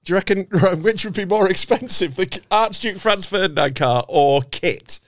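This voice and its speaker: A man co-hosting a podcast, chatting and teasing in a jokey, animated way. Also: high-pitched, moderate pace, no room sound, studio quality. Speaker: podcast co-host. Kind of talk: casual banter.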